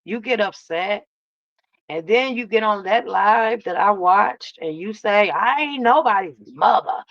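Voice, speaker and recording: A woman's voice: mid-range voice, unhurried, dry recording. A woman streamer in casual live commentary, greeting her chat by name and telling the story with emphatic asides. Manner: chatty, greets chat viewers, repeats "you know what I'm saying". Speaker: streamer commenting on online drama. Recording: dry, dull lo-fi sound.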